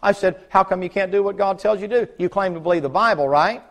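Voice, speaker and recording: Fiery pastor, shouting and muttering. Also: male voice, high-pitched, fast talker. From United States. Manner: dramatic, swings from shouting to mocking mutters. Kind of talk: fiery sermon. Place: church sanctuary.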